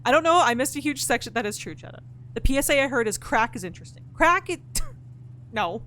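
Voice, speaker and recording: A woman's voice: high voice, animated, fairly quick, fairly bright tone, slight background noise. Exasperated woman streamer swearing at a game. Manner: frustrated, swears a lot, thinks aloud; talks to chat and game characters directly. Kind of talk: live-streamed gameplay chat.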